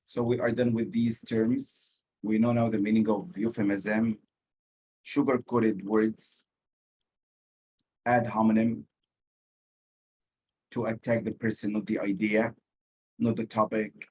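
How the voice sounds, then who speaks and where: A male SAT teacher with an Arabic accent giving a recorded lesson, explaining slowly and repeating key words for emphasis. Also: fairly low pitch, flat delivery, a little mellow, slightly rough, rough recording. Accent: Arabic-speaking. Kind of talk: recorded lecture.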